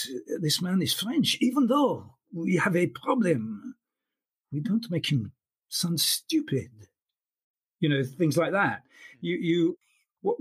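A man's voice: fairly high pitch, breathy edge. A man who works as an audiobook narrator, talking thoughtfully in an interview with frequent restarts. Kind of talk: interview conversation.

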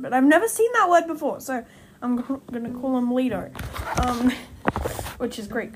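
High-voiced rambling young woman. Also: lively intonation, moderate pace, background noise. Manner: rambling, self-correcting, giggly. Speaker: podcast host. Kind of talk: casual fan-theory talk. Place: room at home by a window.

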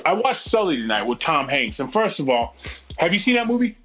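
A man's voice: fairly high pitch, very animated, a little fast, a bit bright, rough recording. A man chatting on a podcast, ranting heatedly and swearing constantly. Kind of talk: profane casual chat.

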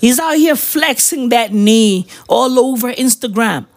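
A man's voice: very high voice, expressive, measured pace. A man ranting about his football club in a casual, slangy style, swearing and tagging his lines with "right?" and "bruv". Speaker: football fan vlogger.

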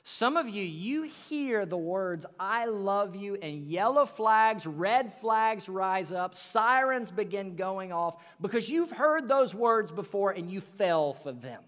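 High-voiced pastor preaching slowly, hall reverb. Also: male voice, big pitch swings, a bit bright. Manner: earnest preaching, rises and drops to near whisper. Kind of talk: sermon. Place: church sanctuary.

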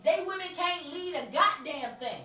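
A woman's voice: extremely high pitch, expressive, moderate pace, pushed and bright, recorded from a distance. A woman co-hosting a podcast, ranting about politics in a blunt, heated way and cursing freely. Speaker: podcast co-host. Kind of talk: profane political rant. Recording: echoey room, voice set back from the mic.

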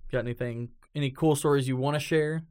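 A man's voice: mid-range voice, fast talker, smooth. A man hosting a casual chat, telling stories with lots of swearing and acted-out quotes. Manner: animated storyteller, swears freely, acts out quotes. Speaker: podcast host.

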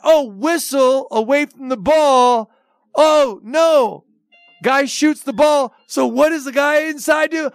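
A man hosting sports talk radio, ranting in an animated, mocking, incredulous way. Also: very high voice, no room sound.

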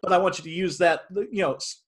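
A man's voice: high-pitched, fast talker. A man who works at a movie theater, telling stories in a casual chat and acting out the quotes. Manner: animated storyteller who acts out quotes.

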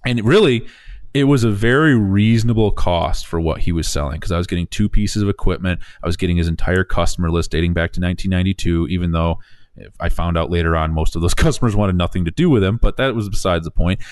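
A man's voice: deep voice, fast talker, dry recording. Man telling a business story, dry close sound. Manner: animated, acts out quotes, frequent restarts. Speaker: small business owner telling his story. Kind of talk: casual storytelling chat.

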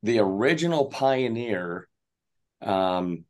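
A man's voice: on the low side, animated, takes it slowly, darkish tone. A man guest on a podcast, talking in an easygoing, friendly way with frequent fillers. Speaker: guest, fruit company marketing director. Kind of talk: casual interview talk.

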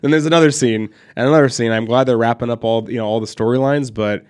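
A man's voice: medium pitch, steady tone, quick pace, smooth. A man co-hosting a casual film podcast, laid-back, swearing freely and laughing often. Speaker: podcast co-host.

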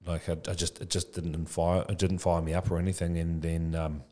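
A man's voice: sits low, level tone, brisk, dark tone. A man in his forties talking candidly as a podcast guest, casual and reflective, calling the host "bro" a lot. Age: 40s. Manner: casual, says "bro" often, frank and reflective. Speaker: podcast guest, childcare business founder. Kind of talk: candid conversational interview.

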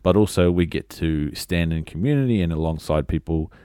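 A man hosting a podcast, talking earnestly and a little haltingly, with many fillers and restarts. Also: low voice, mellow, smooth, no room sound, clean studio sound. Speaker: podcast host. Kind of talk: reflective podcast monologue.

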